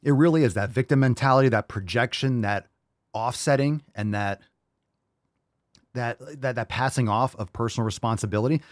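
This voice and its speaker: A man's voice: mid-range voice, a little mellow, dry recording, studio quality. A man hosting a fitness podcast, ranting bluntly and preachily with plenty of swearing. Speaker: podcast host. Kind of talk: opinionated fitness podcast rant.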